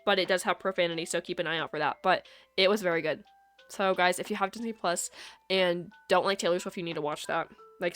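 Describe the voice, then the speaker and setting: A woman's voice: lowish voice, fairly bright tone. A young woman streaming live, chatting casually with her chat and joking and teasing as she goes.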